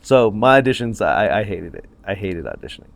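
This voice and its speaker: A man co-hosting a casual podcast chat outdoors, telling stories with a quick, joking manner. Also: fairly low pitch, expressive, creaky. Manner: storytelling, quick to joke and laugh. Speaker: podcast co-host. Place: backyard, outdoors. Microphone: phone livestream.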